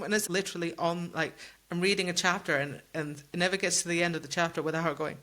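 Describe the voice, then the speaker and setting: Woman chatting books, blunt, does little character voices, bright kinda low voice. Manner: blunt, acts out characters in quick quotes. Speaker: podcast co-host. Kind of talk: casual book-club chat.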